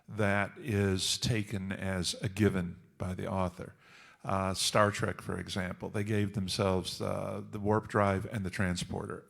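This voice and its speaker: A man speaking on a writers' conference panel, measured and wry with joking asides. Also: lowish voice. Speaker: panelist author.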